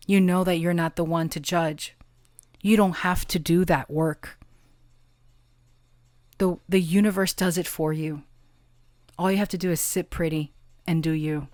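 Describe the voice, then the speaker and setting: A woman giving an intimate pick-a-card tarot reading, slow and earnest, affirming her listeners and drawing out key words. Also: lowish voice, no echo. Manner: gets emotional and laughs softly at times; occasional swearing and casual fillers.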